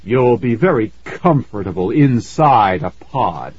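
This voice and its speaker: A sinister ghost leader speaks slowly in a deep, coldly calm voice, with icy menace under polite words, as a man acts him out. There is a husky grain to the voice. The storybook recording sounds slightly muffled and dry. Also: dry recording. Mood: coldly menacing. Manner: deep, slow, coldly smooth.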